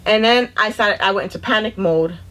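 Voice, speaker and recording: A middle-aged woman telling a story in a casual podcast chat, animated and acting out the people she quotes. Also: medium pitch, a little fast. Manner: animated, acts out quoted dialogue. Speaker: podcast co-host.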